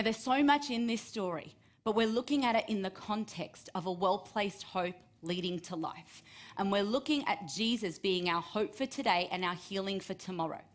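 A woman preaching, reading and retelling a scripture story and acting out the quoted voices with rising emphasis. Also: medium pitch.

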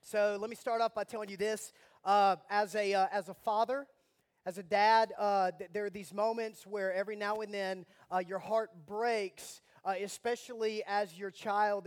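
A man, preaching a sermon with animated storytelling and mock outrage, moving from soft prayer to loud bursts. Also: high voice. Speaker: pastor.

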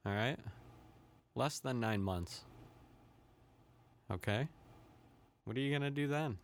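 Speaking slowly in a mid-range voice, this male podcast host rants casually and comically, full of swearing, laughter and tangents. There's slight background noise behind him.

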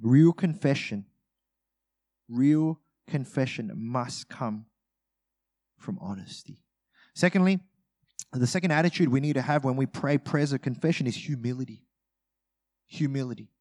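Preaching in a measured, medium-pitched voice that pauses often, this pastor keeps his sermon conversational and funny. He acts out short scenes from daily life and moves from loud outbursts to hushed asides.

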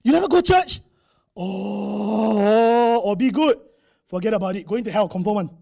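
A man's voice: high voice, animated, a little slow, gravelly, mellow, exaggerated voice. A man doing a sly taunting devil. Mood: mocking. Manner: needling, mocking local slang.

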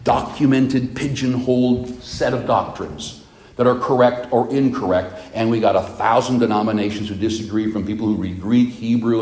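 A male preacher with a mellow, relaxed voice delivers a sermon in an animated, storytelling manner. His voice carries the echo of a roomy space. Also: fairly low pitch.

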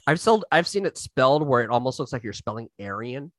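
Animated man with a lively, bouncing voice. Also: medium pitch, fairly quick, dry recording, studio quality. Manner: joking, animated storyteller. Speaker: podcast co-host. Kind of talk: casual chat.

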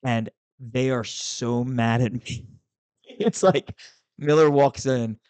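A man, a former state senator, hosting a casual chat and telling a lively political story, acting out the voices of others. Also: slow, no echo. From Maryland, US. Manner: animated, acts out quotes with big pitch jumps.

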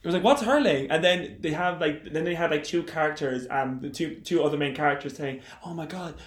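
A man with an Irish accent, co-hosting a podcast and recounting things in a relaxed, rambling way. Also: fairly high pitch, fast talker. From Ireland. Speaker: podcast co-host. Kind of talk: casual chat. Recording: echoey room.

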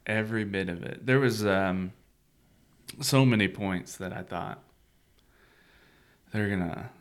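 A man's voice: on the low side, unhurried. A man co-hosting a church podcast, chatting casually and laughing often. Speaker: podcast co-host. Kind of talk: casual chat.

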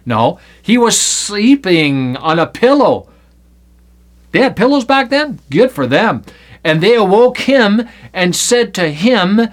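Guy teaching from the bible, high-ish voice, jokey and animated, acts out the verses. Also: slow. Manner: playful, acts out scripture with put-on voices.

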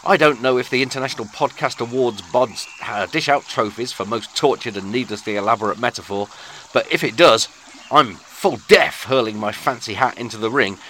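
A British-accented podcast host delivers a florid, sardonic scripted monologue in a medium-pitched voice that is bright and forceful. A little hiss or hum can be heard.

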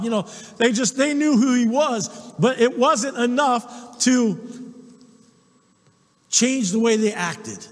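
A man's voice: extremely high pitch, slow pace, long pauses, long reverb tail. A male pastor preaching a sermon, emphatic, often asking the congregation "Amen?". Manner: emphatic preaching, repeated call-and-response "Amen?". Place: church sanctuary.

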